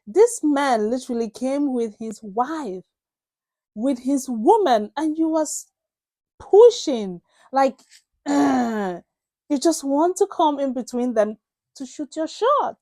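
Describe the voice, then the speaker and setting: A woman's voice: sits high, expressive, takes it slowly, dark tone, dry recording. A woman reacting to a story, incredulous and emphatic. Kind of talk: reaction commentary.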